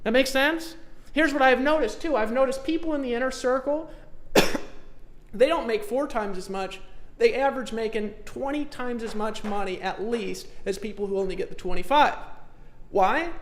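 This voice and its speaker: A man hosting a live stream and delivering an emphatic, repetitive sales pitch in a folksy, plain-spoken way. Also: moderate pace. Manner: emphatic, repetitive, folksy, pushes the audience to commit. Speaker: online marketing trainer hosting a live stream.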